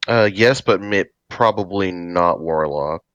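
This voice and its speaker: A man's voice: deep voice, a little slow, a bit bright, smooth, no room sound, muffled recording. A man guesting on a gaming chat, speaking matter-of-factly with dry humor. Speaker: guest player. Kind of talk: casual chat.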